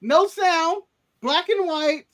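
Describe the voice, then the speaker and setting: A man's voice: very high-pitched, slow, over a noisy crowd. A man co-hosting a casual wrestling podcast, telling nostalgic stories and acting out his own past reactions. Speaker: podcast co-host.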